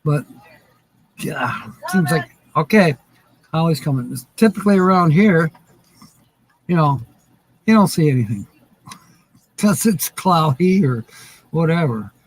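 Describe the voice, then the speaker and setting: A man hosts a live stream, talking loosely and wandering between thoughts with plenty of fillers. His voice is husky and a little high for a man. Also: lively intonation, unhurried, long pauses, poor audio. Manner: rambling, filler-heavy. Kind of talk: casual live-stream chat.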